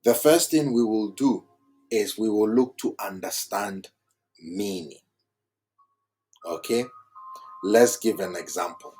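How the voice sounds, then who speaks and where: A man teaching at a writing board, slow and deliberate, repeating phrases word by word. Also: lowish voice, dark tone, husky, soft background music, poor audio. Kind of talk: whiteboard lecture.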